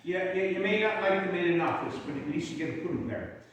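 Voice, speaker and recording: A man with an Irish accent plays an Irish Union soldier, chatting to his audience in a folksy, rambling way between songs. His voice sits high for a man. He is heard from a distance in a large, echoing hall. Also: animated, fast, a little hiss or hum. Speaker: living-history performer in character as an Irish Union soldier. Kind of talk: storytelling in character, with sung songs. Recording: echoey hall, mic far off.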